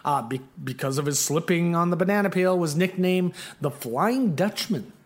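A male podcast co-host tells a story in casual chat, rambling with many fillers and restarts. His voice is on the high side and animated, moving at normal speed.

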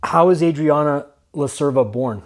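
A man's voice: on the high side, moderate pace. A man hosting a casual interview podcast, asking short, eager questions. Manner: short eager prompts and backchannels. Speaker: podcast host.

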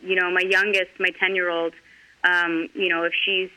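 A middle-aged woman talking candidly in an interview, earnest and halting with frequent restarts. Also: lowish voice, level tone, pushed and bright, rough recording. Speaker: guest.

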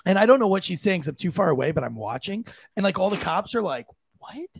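A man co-hosting a podcast, telling a story in a casual, animated way and jumping into high voices for the people he quotes. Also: fast, vocal fry, slightly rough, no room sound. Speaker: podcast co-host.

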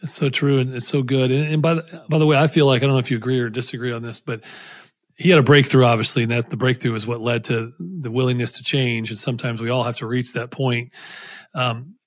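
A man's voice: medium pitch, fairly even intonation, fast, no room sound, studio quality. A man hosting a podcast interview, asking long reflective questions in a conversational way with frequent restarts. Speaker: podcast host.

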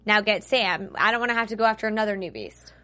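A woman's voice: mid-range voice, quick pace, sharp tone. A woman co-hosting a casual chat about a TV show, earnest and opinionated, thinking aloud with frequent fillers. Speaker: podcast co-host.

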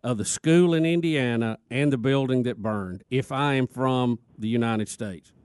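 A man's voice: medium pitch, moderate pace, a little mellow, clean tone, dry recording. A man with an Alabama accent co-hosts talk radio, joking with his colleagues and pressing callers with questions. He sounds close and dry in the studio. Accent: Southern US, Alabama. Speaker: radio talk show co-host. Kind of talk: sports talk radio banter.

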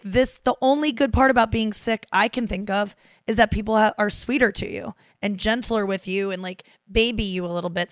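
A woman's voice: medium pitch, no echo, studio quality. A woman in her thirties, a comedian, chatting casually on a podcast and acting out the people she quotes. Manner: animated storyteller who acts out quoted voices. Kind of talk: casual chat.

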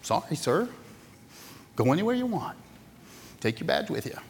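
A man's voice: sits high, fast talker, fairly bright tone, big-room sound, voice pushed up. A man voicing an easygoing male rancher in a joke told during a sermon. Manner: laid-back, obliging.

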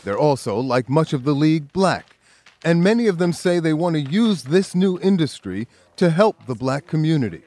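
News host voice-over: man, slightly high voice, measured and even, dry close recording. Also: no room sound. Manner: measured, even reporter delivery. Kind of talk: scripted news narration.

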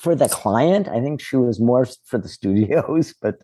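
A man's voice: mid-range voice, expressive, moderate pace, mellow, breathy edge, no room sound. An older man, a former child actor, telling rambling anecdotes in an interview with many fillers. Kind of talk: relaxed interview storytelling.

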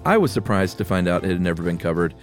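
Male podcast co-host, low-pitched, casual, laughs often, faint music underneath. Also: fast talker. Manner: relaxed, laughs easily. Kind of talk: casual chat, reading listener mail.

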